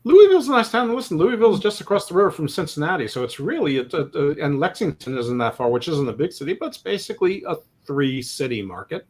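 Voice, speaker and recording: A man's voice: a little high, very animated, fast, few pauses, darkish tone. Rambling, joking male sports podcast host. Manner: rambling, self-deprecating humor. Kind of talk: casual sports chat.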